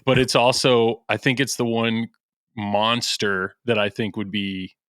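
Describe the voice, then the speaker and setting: A man's voice: on the low side, little pitch movement, a little slow, clean tone, no echo, studio quality. A man with a Midwestern American accent chatting casually as a podcast guest, rambling and restarting his sentences. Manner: rambling, self-interrupting, soft-spoken. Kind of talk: casual chat.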